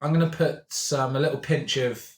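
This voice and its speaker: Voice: mid-range voice, fairly even intonation, moderate pace, roomy sound. A player chatting playfully and laughing often during a tabletop game. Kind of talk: casual game chat.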